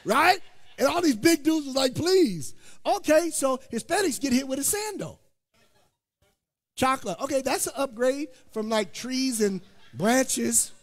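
An animated, high-voiced pastor from Indiana preaches a sermon in a church sanctuary, joking and calling out to the congregation at an unhurried pace. The recording carries the long reverb of a church hall.

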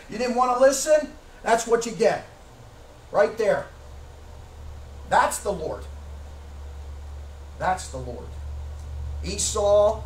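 A man preaching a sermon as pastor, emphatic, firing rhetorical questions at the congregation and shouting at times. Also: high voice, expressive, takes it slowly, pauses often, slight background noise. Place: church sanctuary. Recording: echoey church from a distance.

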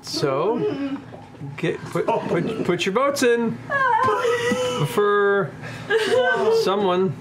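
A man's voice: sits high, expressive, extremely slow, pauses often. A man hosting as game master, flustered and stammering as he thanks sponsors in casual chat. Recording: loud background noise.

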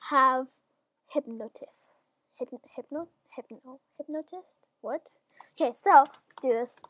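A woman with a stuffy nose giving excitable gameplay commentary, swinging from mumbling to loud squeals. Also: high voice, dry recording, studio quality. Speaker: gaming channel host.

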